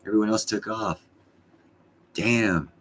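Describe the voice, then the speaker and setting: A man's voice: fairly low pitch, slow, a bit bright, slight background noise. A middle-aged man hosting his own live stream from home, chatting casually in a rambling, blunt and profane way.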